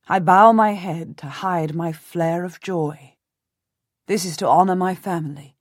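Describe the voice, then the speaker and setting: Audiobook narrator, woman, first-person historical read; measured and composed, lowish voice. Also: no echo, studio quality.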